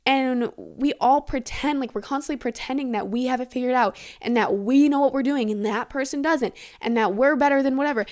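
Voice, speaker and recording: A woman's voice: high-pitched, brisk, hardly any pauses, a little mellow. A woman in her late teens hosting a casual solo podcast, talking in a candid, rambling way with lots of swearing and "like". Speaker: podcast host.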